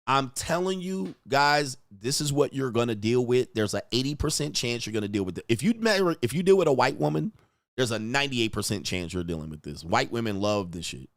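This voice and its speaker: A man's voice: mid-range voice, animated, a little fast, dry recording. A man hosting a livestream, ranting crudely and rambling, constantly saying "all right" between points. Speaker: livestream host. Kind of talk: casual livestream rant.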